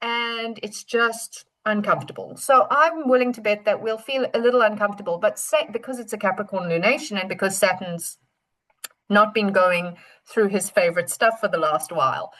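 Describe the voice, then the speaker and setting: A woman's voice: mid-range voice, normal speed, poor audio. A woman astrologer talking through a moon forecast in a chatty, rambling way. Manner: chatty, rambling, warm storytelling. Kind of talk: casual forecast talk.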